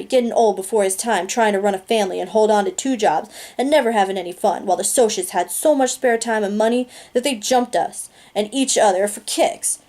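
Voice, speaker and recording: A woman reading a novel aloud, her narration steady, plain and unhurried. She keeps an even storybook tone and stumbles over the odd word now and then. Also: medium pitch. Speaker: reader.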